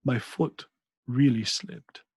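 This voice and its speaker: Male reader doing a soft-spoken, melancholy woman from a classic novel, cooing and unhurried, lifted higher than his own dark, husky voice. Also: no room sound. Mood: cool, cooing. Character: calm cooing French actress, melancholy woman.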